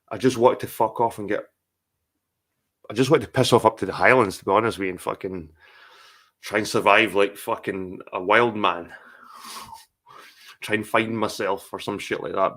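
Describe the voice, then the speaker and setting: A man's voice: lowish voice, a bit bright. A middle-aged Scottish man in a rambling, sweary, heartfelt casual chat on a live stream.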